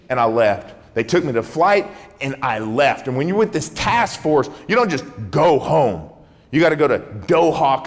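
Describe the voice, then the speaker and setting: Man telling a war story in a hall. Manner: acts out dialogue, dropping low and soft for tense quotes. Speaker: keynote speaker. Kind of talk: dramatic storytelling talk. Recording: reverberant hall.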